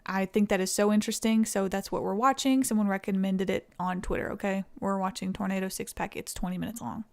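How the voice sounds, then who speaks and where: A woman's voice: medium pitch, steady tone, quick pace, creaky, a little mellow. A young woman from East Tennessee with a Southern accent, chatting casually with viewers on a live stream and thanking them. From East Tennessee, USA.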